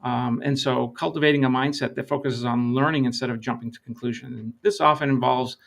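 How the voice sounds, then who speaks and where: Gravelly middle-aged man explaining. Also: mid-range voice, steady tone. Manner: measured, storytelling with quoted dialogue. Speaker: lean consultant, interview guest. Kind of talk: interview, explaining with anecdotes.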